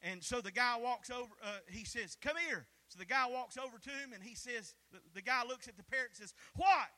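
A man preaching a sermon as pastor, with fervent call-and-response that rises to shouts at its peaks. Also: extremely high pitch, a little fast.

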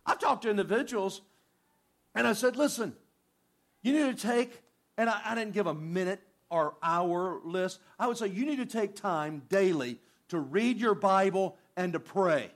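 High-voiced animated male preacher. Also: normal speed. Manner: animated preaching, acts out prayers in a softer voice. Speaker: pastor. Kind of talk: sermon.

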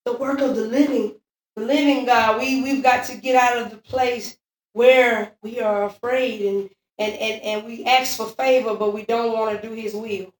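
High-voiced woman preaching in an echoey church. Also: steady tone, normal speed. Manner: testimony-driven, repetitive call-and-response cadence. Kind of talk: sermon. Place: church sanctuary. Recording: echoey church room, far from mic.

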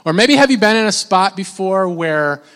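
A man's voice: high voice, animated, normal speed. Man preaching in an echoing hall. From Minnesota. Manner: conversational, repeats words, mimics shouting. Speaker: pastor. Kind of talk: sermon. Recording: long hall reverb.

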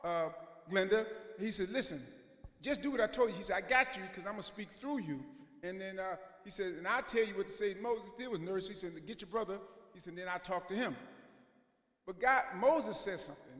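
A man's voice: high voice, animated, a little fast, a bit bright. A male pastor preaching a sermon in a conversational way, often checking in with "right?" as he retells the story. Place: church sanctuary. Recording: echoey hall reverb.

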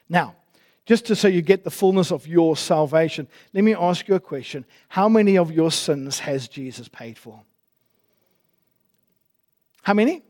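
A male pastor delivers a sermon in a church, pressing his listeners with emphatic rhetorical questions. His voice sits high for a man. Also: lively intonation, normal speed, a little mellow.

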